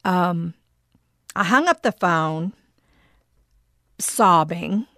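A middle-aged woman telling a personal story, reflective and halting, with frequent pauses and restarts. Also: on the low side, no echo, clean studio sound. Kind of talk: personal testimony.

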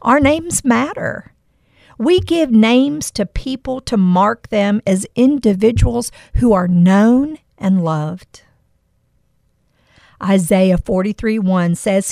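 A woman's voice: mid-range voice, slow pace, vocal fry, darkish tone, dry recording, clean studio sound. A middle-aged woman hosting a podcast, telling a personal story with earnest emotion and reflecting on Bible verses. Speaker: podcast host.

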